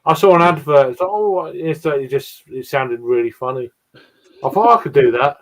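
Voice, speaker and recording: A man's voice: medium pitch, normal speed. A man from South East England with a working-class accent that mixes Essex and East London. He chats casually on a video call and often stops to restart his words. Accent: South East English, Essex and East London mix. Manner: hesitant, repeats words and restarts. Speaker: guest on a live beer stream. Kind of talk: casual chat.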